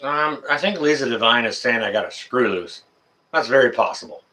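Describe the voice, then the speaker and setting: A man hosting a live stream, chatting casually with viewers in a rambling, excitable, jokey way. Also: medium pitch, fairly quick. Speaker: livestream host answering chat.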